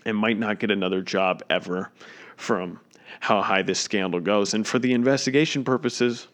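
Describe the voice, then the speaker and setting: A man's voice: fairly low pitch, moderate pace, fairly bright tone. A man giving an opinionated, emphatic sports commentary, indignant and repeating his points.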